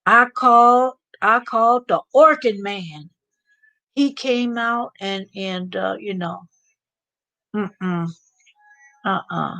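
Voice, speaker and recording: An American woman hosting a live stream, chatting and telling stories with animated asides. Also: mid-range voice, slow pace, long pauses. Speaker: vlog host. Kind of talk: live stream casual chat.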